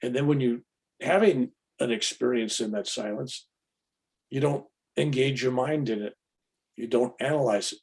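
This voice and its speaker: A man's voice: mid-range voice, normal speed, darkish tone. A man giving an informal, plainspoken spiritual talk, often acting out other people's voices. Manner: casual, plainspoken, acts out quoted voices. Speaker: spiritual teacher.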